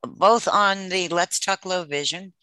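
A woman's voice: fairly low pitch, unhurried, sharp tone, clean tone, no echo, poor audio. A woman on a conference call, asking questions and praising the work.

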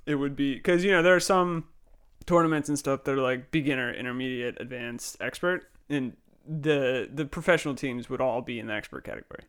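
A man's voice: mid-range voice, fairly quick, fairly bright tone, smooth. A young man co-hosting a podcast in casual chat, joking and laid-back. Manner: joking, laid-back, drifts into silly put-on quotes. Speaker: podcast co-host.

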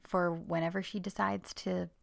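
A woman's voice: lowish voice, little pitch movement, normal speed, vocal fry, no room sound, clean studio sound. A woman co-hosting a casual chat, agreeing often and chiming in with short replies. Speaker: co-host.

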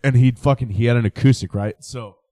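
A man's voice: medium pitch, fairly quick, no room sound. A man telling rowdy, profane stories in casual banter and acting out the people in them. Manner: animated storyteller, swears a lot, acts out callers.

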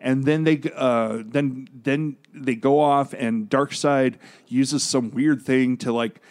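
A man's voice: mid-range voice, steady tone, slow pace, a little mellow. A man co-hosting a podcast, explaining comic book plots at length in a casual, joking way. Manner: explanatory, jokey, long rambling recaps. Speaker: podcast co-host.

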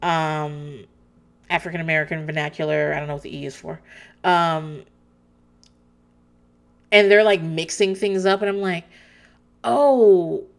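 This is an animated woman recapping a TV show in casual, candid chat. She restarts her sentences often and breaks into laughs along the way. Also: low voice, moderate pace, pauses often, clean tone.

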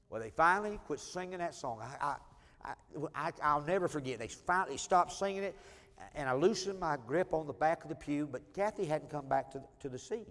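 A man preaching a sermon, telling a personal testimony in a folksy style and swinging between loud and soft. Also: on the high side, expressive, brisk. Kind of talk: sermon storytelling. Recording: long hall reverb.

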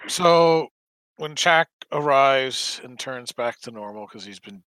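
A man's voice: medium pitch, animated, takes it slowly, sharp tone, no room sound, low-quality recording. A man playing a tabletop game, explaining his moves in loose, rambling chat. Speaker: player.

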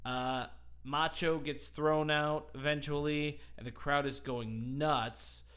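A man's voice: on the high side, steady tone, slow pace, a bit bright, clean tone. A man on a podcast telling a wrestling story in casual chat, rambling and laughing often. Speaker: podcast host.

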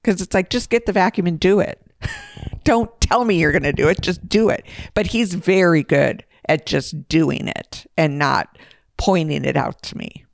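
A woman's voice: lowish voice, huge pitch swings, a little slow, vocal fry, dry recording, studio quality. A woman co-hosting a podcast, talking in candid, emphatic casual conversation and laughing easily. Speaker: podcast co-host.

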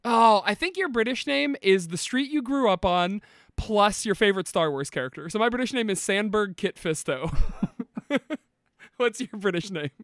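A man's voice: high-pitched, expressive, normal speed, a bit bright, no room sound, clean studio sound. A man co-hosting a podcast, chatting casually, joking and laughing often. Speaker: podcast co-host.

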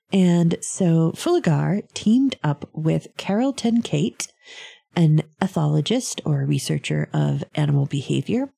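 Woman host, casual chat: slow, husky delivery, rambling and chatty. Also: low-pitched, dark tone. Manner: chatty, meandering, with frequent ums and little laughs.

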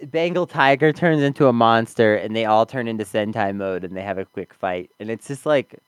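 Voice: medium pitch, fairly quick, clean tone, no room sound. A podcast co-host in casual review chat, laid-back and hedging with fillers.

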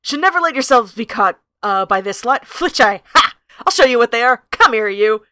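A woman reading aloud and voicing a big, brave, brawling male barn owl, loud and boastful. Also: on the high side, lively intonation, moderate pace, no echo, clean studio sound. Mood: gruff.

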